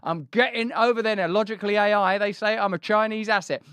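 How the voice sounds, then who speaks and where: A man hosting a casual political commentary show, animated and jokey, slipping into silly put-on voices. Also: high voice, fast talker, smooth, no echo. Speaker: host.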